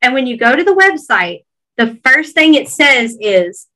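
A woman's voice: sits high, sing-song, measured pace, bright, forceful tone, rough recording. A woman with a Georgia Southern accent, earnestly encouraging listeners in a casual podcast chat.

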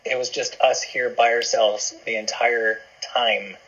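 Husky man on a dull line. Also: medium pitch, steady tone, unhurried, a bit bright. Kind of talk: casual chat.

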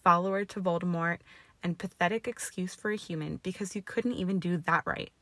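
A fierce young witch, proud and furious, snapping out scornful words, as a woman reads her. The voice sits lowish, and the dry sound stays close with no room echo. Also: fairly quick, fairly bright tone.

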